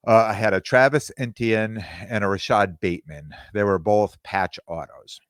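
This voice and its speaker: A man's voice: on the low side, moderate pace, clean tone, dry recording, studio quality. A man hosting a podcast, telling a casual story with restarts and acted-out bits of dialogue. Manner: rambling, with restarts and reenacted dialogue. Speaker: podcast host.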